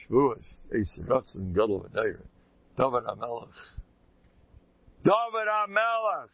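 Husky man teaching an animated class. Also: on the low side, no echo, highs cut off. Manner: animated storytelling, bursts of loud emphasis. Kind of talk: lively religious class with anecdotes.

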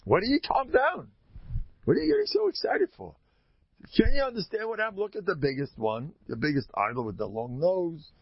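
A man's voice: mid-range voice, expressive, normal speed, few pauses, no echo, highs cut off, close to an everyday voice. A man voicing a sly young son who makes excuses in a coaxing, innocent tone.

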